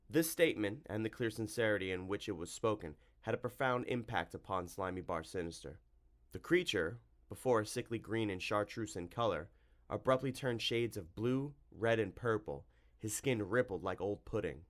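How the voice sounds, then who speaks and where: A man reading an audiobook aloud, narrating with wry, lively storytelling. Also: on the low side, fairly quick.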